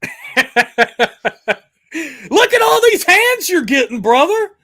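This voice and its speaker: A man hosting a livestream chat, excitable and hyping up his guest and viewers. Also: very high voice, slow pace. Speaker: host.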